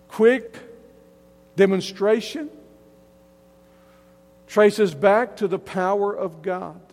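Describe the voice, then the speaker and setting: A man with a high voice preaches an emphatic sermon. His words ring out with a long hall reverb, and he often restarts phrases as he drives each point home. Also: a little mellow. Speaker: pastor.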